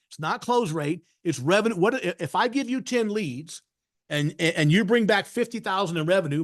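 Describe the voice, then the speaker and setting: A man giving a sales training webinar, talking emphatically and often checking in with "right?". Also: sits high. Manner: emphatic, frequently tags points with "right?". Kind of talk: webinar masterclass talk.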